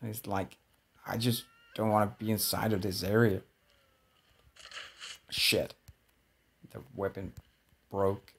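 Man, slow drawl, lowish voice, jittery gameplay commentary, swears a lot. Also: flat delivery, vocal fry, fairly bright tone, breathy edge. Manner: jittery, swearing, talks to himself. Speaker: gameplay streamer.

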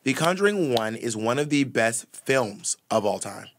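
A man's voice: mid-range voice, lively intonation, normal speed, slight background noise. A young man co-hosting a podcast in casual banter, sassy, argumentative and full of slang. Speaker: podcast co-host. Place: podcast booth.

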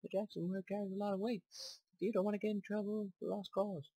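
A man's voice: high voice, little pitch movement, fast, warm tone, no room sound, voice pushed up, rough recording. A man reading on-screen game dialogue aloud, voicing a nervous, worried client. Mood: anxious. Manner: reads game dialogue aloud in a raised put-on voice.

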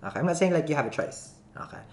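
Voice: medium pitch, sing-song, very fast, a little mellow. A tarot reader giving a casual, playful reading to camera, joking and laughing often between the cards. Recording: roomy echo.

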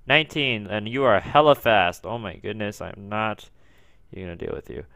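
A young man casually commenting while playing a video game, rambling, grumbling about lag, and breaking into sudden excited outbursts. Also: on the low side, moderate pace, vocal fry, no room sound. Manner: rambling, frequent swearing at lag and jumpy outbursts. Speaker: gaming video creator. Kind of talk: casual let's play commentary.

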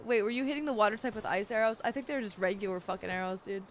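A woman's voice: medium pitch, very fast, few pauses, slight background noise. A young woman streaming a game while sick, playful and swearing a lot, calling her viewers darlings. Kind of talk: casual gaming stream chat.

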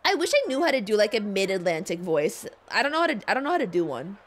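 A woman's voice: mid-range voice, big pitch swings, fast talker. A young woman streaming a game and chatting casually, rambling with lots of fillers and restarts.

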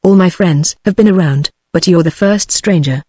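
A synthetic British female text-to-speech voice reading the lines of a calm, serious young woman in a flat, even tone. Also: fairly low pitch, moderate pace, breathy edge, no room sound.

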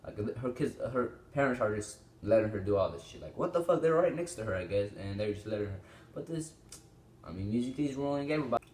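A man's voice: mid-range voice, animated, fast talker, a little mellow, echoey room. A teenage boy hosting a reaction video, rambling and exclaiming, often swearing, on a small microphone. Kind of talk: casual reaction commentary. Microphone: small desktop microphone.

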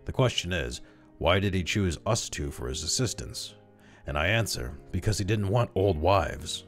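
A cynical young doctor in an old horror tale, as a man reading aloud puts him on. His voice sits extremely deep, and his tone is coolly persuasive and worldly. He brushes off every objection. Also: lively intonation, moderate pace, soft background music. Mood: coolly dismissive. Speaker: audiobook reader.

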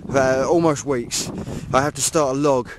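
A man's voice: medium pitch, fairly even intonation, moderate pace. English guy, casual walking vlog, jokey and self-mocking, mid-range voice, noisy outdoor camera audio. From England. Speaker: vlogger. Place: outdoors among dunes and woods, walking in rain.

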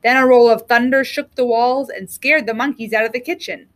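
Woman, teacher, storybook read-aloud, clear, expressive, slightly high voice. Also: brisk. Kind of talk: storybook reading.

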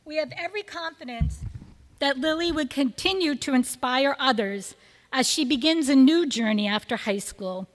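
A woman reading prepared tributes to graduating students at a school ceremony, in a measured, list-like delivery of praise. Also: high voice. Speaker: school speaker presenting seniors. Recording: long reverb of a large hall.

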